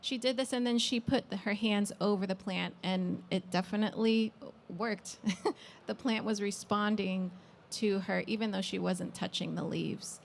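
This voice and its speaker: Gravelly-voiced woman panelist with faint background noise. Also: mid-range voice, moderate pace. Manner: relaxed, thoughtful, frequent "um". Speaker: panelist and harpist. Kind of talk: casual panel talk.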